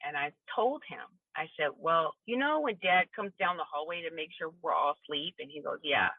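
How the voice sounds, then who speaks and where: Speaking as a podcast guest over the phone, a woman earnestly tells a personal story and performs the dialogue she recalls in different voices. Her low, animated voice moves at normal speed with a breathy edge. The recording is dry but tinny, as from a phone line.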